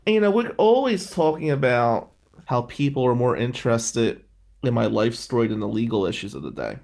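A tired-sounding middle-aged man, an attorney from Atlantic City, New Jersey, hosts a show and spins profane, ranting tales in a casual monologue. His mid-range voice is sing-song and brisk, creaky and a little mellow.

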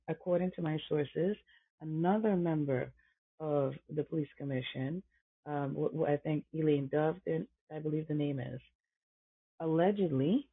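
Gravelly, husky man over a phone line. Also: a little high. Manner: emphatic, repeats phrases, rhetorical questions. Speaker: podcast host. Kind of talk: impassioned commentary.

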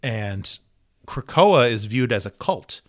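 A man's voice: medium pitch, big pitch swings, takes it slowly, no room sound, clean studio sound. A man co-hosting a casual chat about a comic book, recapping and analyzing the story in an easygoing way. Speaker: comic book podcast co-host.

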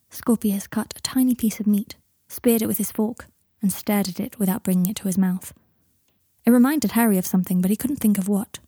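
A woman narrates a story in a calm, even manner. Her voice is mellow and warm. The recording is close and dry. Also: mid-range voice, a little fast, husky, no room sound. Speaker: audiobook narrator. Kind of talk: narrating fan fiction.

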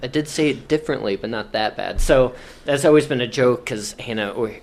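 A man's voice: medium pitch, brisk. A man, a podcast co-host in casual chat, telling stories with a laugh and a lot of "like". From Midwest US. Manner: laughing storyteller, many "like" fillers.

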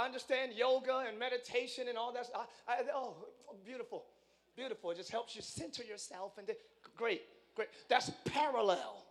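Preaching live to his congregation in a big church hall, this pastor has a very high voice. He's excitable and playful, moving from hushed asides to shouts and ribbing the crowd.

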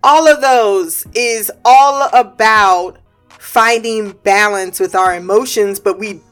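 A woman's voice: mid-range voice, slow pace, a bit bright, clear, resonant tone, faint music behind. A woman giving a casual, laugh-filled recap of a show, swearing freely and throwing in slangy asides. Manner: acts out characters' lines while retelling.

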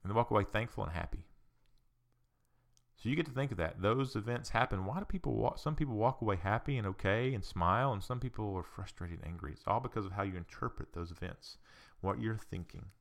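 In a relaxed yet sincere and thoughtful monologue, a man who counsels and hosts a podcast mixes ideas from psychology with faith. He speaks a little fast in a lowish, creaky voice.

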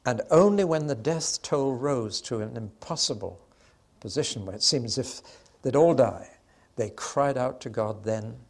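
An older man giving a sermon-style Bible teaching, telling the story with emphasis and slowing down on key points. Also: medium pitch, animated. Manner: storytelling, emphatic, slows for weight.

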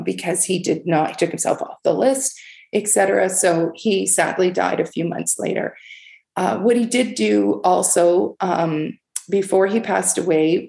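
Woman, middle-aged, gravelly, lowish voice, earnest storytelling, emotional, halting restarts. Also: warm tone. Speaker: charity CEO, interview guest. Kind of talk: conversational storytelling.

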